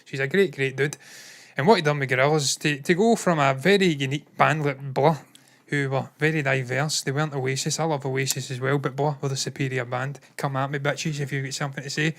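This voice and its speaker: A man's voice: mid-range voice, fairly even intonation, fairly quick, a bit bright. A man co-hosting a casual movie news chat, opinionated and jokey. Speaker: co-host.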